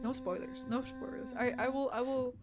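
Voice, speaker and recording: Over loud music, a high-pitched woman streams a game at normal speed, giggling and excitable. She keeps up casual live-stream commentary as she plays, laughing often.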